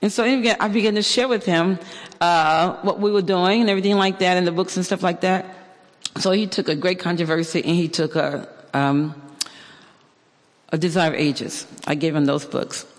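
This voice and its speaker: A man giving a personal testimony, telling his story in an animated way with fillers and restarts. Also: sits high, normal speed, long reverb tail. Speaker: church member giving testimony.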